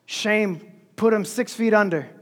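A man's voice: high voice, unhurried. A male pastor preaching a sermon with emphasis, repeating key phrases, recorded in an echoey hall.

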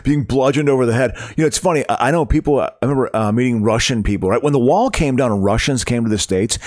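A man chatting casually, agreeable and quick to laugh, rambling through stories. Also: medium pitch, a little mellow, dry recording, studio quality. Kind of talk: casual chat.

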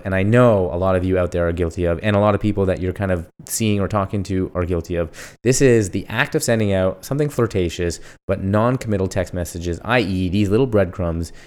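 Smooth-voiced man, self-questioning. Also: lowish voice. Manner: asks himself questions and answers them, jokey and animated. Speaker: podcast host. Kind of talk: casual solo podcast monologue.

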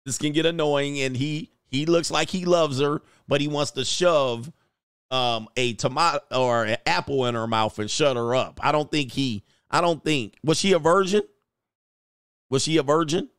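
A man's voice: on the high side, moderate pace, fairly bright tone, clear, resonant tone, no echo, clean studio sound. A man hosting a casual reaction show, joking in slang and often laughing as he comments on clips. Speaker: commentary host.

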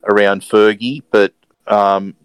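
Co-host: man, lowish voice, halting and careful, dry studio sound. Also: flat delivery, smooth, no echo, rough recording. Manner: hesitant, many fillers and restarts, careful wording. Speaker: podcast co-host. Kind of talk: casual sports podcast chat.

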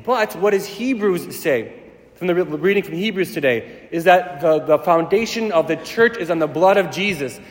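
A man preaching a sermon as a priest, fast-talking and emphatic, building to intense passages. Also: a little high, lively intonation. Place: large church hall. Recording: echoey church hall with long reverb.

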